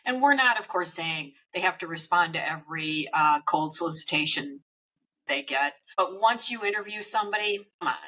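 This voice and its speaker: A woman's voice: lowish voice, animated, normal speed, sharp tone, rough recording. A woman co-hosting a business podcast, telling workplace stories in a chatty way with frequent fillers. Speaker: podcast co-host.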